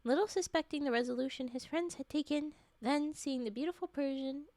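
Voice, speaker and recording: A woman streaming live reads a classic tale aloud, breaking off now and then for joking asides. Her high, mellow voice moves fairly quickly and sounds strained and short of breath, captured in a dry recording.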